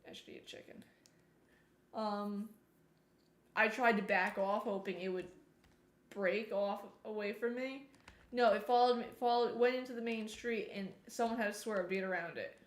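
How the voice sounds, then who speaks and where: A woman streamer telling a story in a casual, animated way while she plays, now and then breaking off to remark on the game. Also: medium pitch. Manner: chatty, animated retelling, breaks off to comment on the game. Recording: roomy echo.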